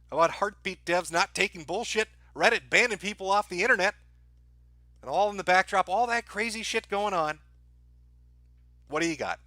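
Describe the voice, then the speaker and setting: A man's voice: high voice, sharp tone, no echo, studio quality. A man hosting a live stream, ranting sarcastically and profanely to his chat, often breaking into laughter.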